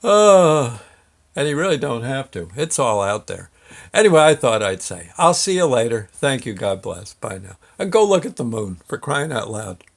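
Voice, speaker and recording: A man's voice: mid-range voice, sing-song, moderate pace. A man hosting his own show, telling a story in a folksy, chuckling manner. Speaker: host. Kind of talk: casual storytelling monologue.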